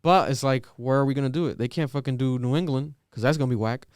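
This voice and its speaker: A man hosting a podcast in casual chat, animated, swearing casually and often saying "yo". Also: medium pitch, quick pace, clean tone, dry recording, studio quality. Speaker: podcast host.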